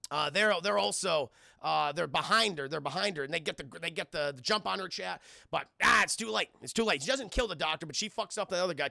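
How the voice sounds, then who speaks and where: A man's voice: a little high, creaky, bright, forceful tone, dry recording, clean studio sound. A man casually retelling a film scene by scene on a live stream, rambling, swearing often and talking to his chat.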